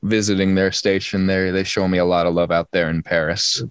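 A man's voice: sits low, little pitch movement, brisk, smooth, no echo. A young man from New Jersey, a singer-songwriter, chatting casually as an interview guest and often restarting his sentences. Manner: rambling, many restarts and stammered repeats.

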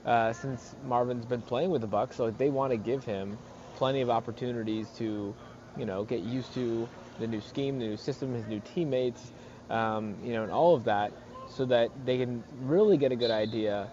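Rambling reporter on a dull phone line. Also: male voice, mid-range voice, moderate pace, darkish tone, a little hiss or hum. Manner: rambling, lots of fillers and restarts. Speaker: beat reporter calling in. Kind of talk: casual phone-in chat. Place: arena in another city.

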